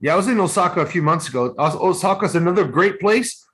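A man's voice: sits high, expressive, quick pace, a bit bright, slightly rough. A man co-hosting a podcast in casual chat, blunt and profane, handing out advice. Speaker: podcast co-host.

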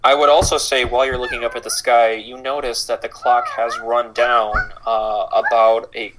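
A man narrating as game master in a casual, halting way with many fillers. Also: mid-range voice, little pitch movement, background noise.

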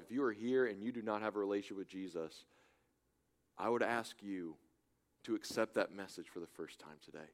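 A man preaching a sermon as a church pastor, swinging between loud urgent appeals and hushed, soft pleas. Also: lowish voice. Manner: impassioned, swings from loud urging to hushed softness. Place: church in Germany.

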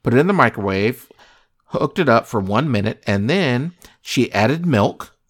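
A man's voice: mid-range voice, expressive, unhurried. A man hosting a casual comedic chat, joking in a mock-serious way and quizzing his co-host.

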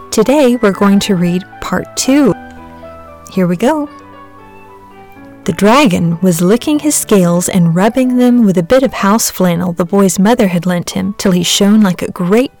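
A woman who hosts a podcast, reading a classic storybook aloud in a clear, gentle way. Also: mid-range voice.

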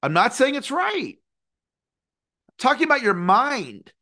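A man in his forties giving an earnest, animated motivational lesson, sometimes singing a phrase. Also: very high voice, takes it slowly. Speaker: success coach. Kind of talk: motivational teaching talk.

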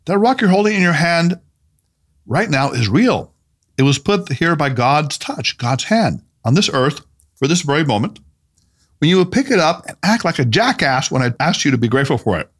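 A man voicing a calm, playful male spiritual teacher in an audiobook, speaking gently, with teasing emphasis. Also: on the high side, moderate pace. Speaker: mentor character in an audiobook. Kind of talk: audiobook character reading.

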